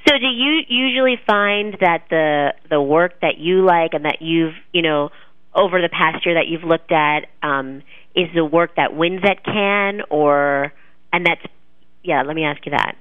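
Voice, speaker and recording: A woman's voice: low voice, unhurried, smooth, no room sound, phone-quality sound. Upbeat woman hosting a radio interview. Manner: upbeat, laughs often. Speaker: radio show host. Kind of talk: casual interview.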